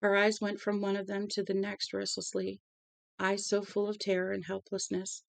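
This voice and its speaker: A woman's voice: mid-range voice, creaky, no room sound. A woman reading a novel aloud as a storybook narrator. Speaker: audiobook reader.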